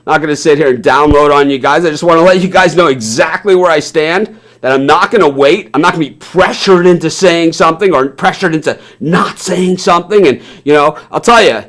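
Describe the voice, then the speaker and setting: Southern male sports host, high-pitched, heated live rant, blunt, swears, says "man" a lot. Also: fairly bright tone. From American South.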